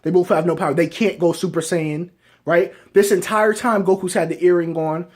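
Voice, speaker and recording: A young man reviewing a show in casual commentary, rambling as he pitches an idea and often tagging sentences with "right?". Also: steady tone, moderate pace, a little mellow. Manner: rambling, keeps asking "right?". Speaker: video reviewer.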